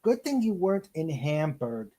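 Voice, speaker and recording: A woman's voice: low-pitched, big pitch swings, moderate pace, mellow, slightly rough, rough recording. A woman hosting a casual chat, reading viewer comments aloud and laughing along. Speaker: host.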